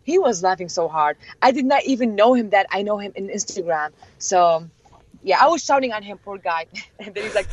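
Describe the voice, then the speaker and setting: A young woman and interview guest whose first language is Chaldean, telling excited stories with many laughs and acted-out quotes. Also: mid-range voice, brisk, dry recording. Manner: animated, laughs often, acts out quotes. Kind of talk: excited storytelling. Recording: dull lo-fi, dry.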